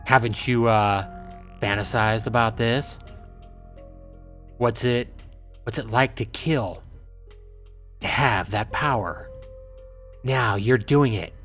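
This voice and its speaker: A man voicing a sinister, red-eyed villain from a visual novel who taunts in a soft, mocking, insinuating way. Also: medium pitch, slow, pauses often, soft background music. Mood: taunting.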